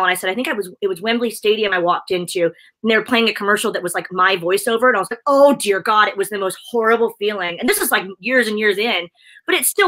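A woman's voice: mid-range voice, bright, forceful tone. A woman presenter chatting effusively in a casual video interview, laughing often. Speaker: presenter and guest.

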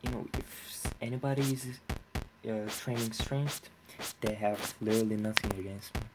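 A young man giving casual, profane commentary while playing a game, excitable and talking to himself. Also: on the low side, normal speed, noisy background. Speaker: let's play gamer.

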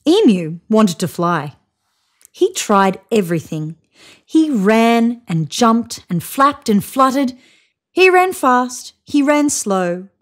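A woman reading a children's picture book aloud in an expressive storytelling manner. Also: a little high, slow pace. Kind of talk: read-aloud storybook narration.

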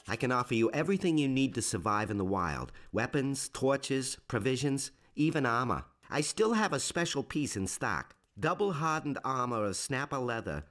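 An actor playing a gruff middle-aged city trader with a New York accent, grumbling and resentful, with game music behind. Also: male voice, medium pitch, animated, moderate pace, few pauses, a bit bright, natural voice. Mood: businesslike.

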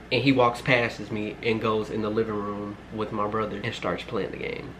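A man's voice: on the low side, noisy background. A man in his twenties casually telling a personal story to his viewers, rambling, with lots of filler words and swearing. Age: 20s. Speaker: storytime vlogger.

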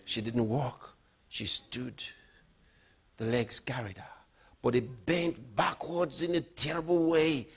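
A middle-aged man preaching a sermon as a pastor, emphatic, moving between loud outbursts and low, quiet storytelling. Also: fairly even intonation, takes it slowly, gravelly, breathy edge.

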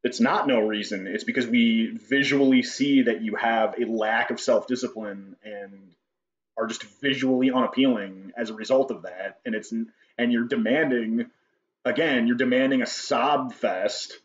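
A man's voice: mid-range voice, steady tone, moderate pace. A man hosting a response video, talking in a sarcastic, dismissive way and swearing now and then. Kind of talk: casual commentary on a clip. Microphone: cheap microphone. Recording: lo-fi microphone.

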